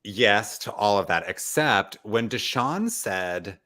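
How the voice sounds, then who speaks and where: A man with a low voice that swings widely in pitch, co-hosting a casual recap of a TV show. He talks in an animated way and slips into the voices of the people he quotes. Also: takes it slowly. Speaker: co-host.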